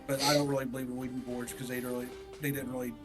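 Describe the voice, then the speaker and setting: A man co-hosting a podcast, telling a story in an animated, profane, casual way. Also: mid-range voice, rapid-fire, music in the background. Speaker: podcast co-host.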